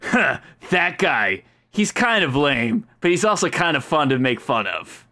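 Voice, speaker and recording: A boastful young flamer swaggers through every line, talking slowly with a bright, bouncing tone. He loves the sound of his own name; a man voices him. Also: a little high, big pitch swings, heavily acted. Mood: cocky. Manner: boastful, self-admiring. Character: cocky young male pro flamer named Chad.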